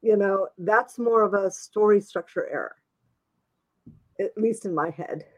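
A woman's voice: mid-range voice, measured pace. A woman author chatting casually, talkative and self-deprecating, laughing often. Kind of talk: casual chat.

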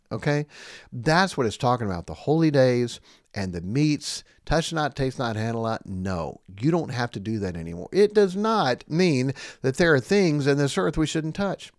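A man's voice: medium pitch, expressive, normal speed, dry recording, studio quality. A man preaching on a podcast, reading scripture and firing off scornful rhetorical questions.

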